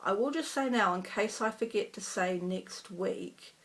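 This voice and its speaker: A woman's voice: medium pitch, measured pace, few pauses, fairly bright tone. A middle-aged woman chatting casually about her stitching projects in a rambling, self-deprecating way. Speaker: cross-stitch vlogger. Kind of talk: casual chat.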